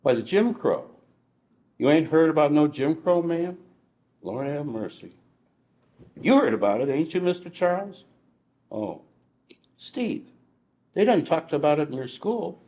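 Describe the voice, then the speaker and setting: A man's voice: fairly high pitch, big pitch swings, a little slow, long pauses, warm tone, pitched above the performer's own voice. A man reading the lines of an older, outspoken Southern woman cook with a Mississippi accent. He voices her in a folksy, dialect-heavy way and has her call out to the Lord. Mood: fussing. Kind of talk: reading aloud from a novel. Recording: echoey room.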